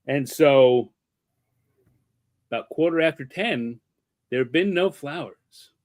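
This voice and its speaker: Guy telling a funny story, fairly high voice, acts out the quotes. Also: expressive, takes it slowly, darkish tone. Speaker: guest artist and podcaster. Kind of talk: anecdotal storytelling in conversation.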